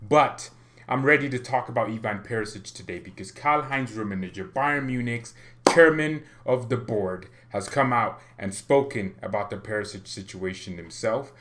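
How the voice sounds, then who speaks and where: A man's voice: mid-range voice, moderate pace, a bit bright, a little hiss or hum. Chatty, rambling male football vlogger. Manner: chatty, joking, rambling with self-interruptions. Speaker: football fan channel host. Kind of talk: casual vlog commentary.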